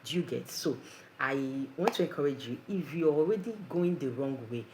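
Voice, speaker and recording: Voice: mid-range voice, expressive, normal speed, noisy background. An earnest preacher gives a conversational devotional talk full of rhetorical questions.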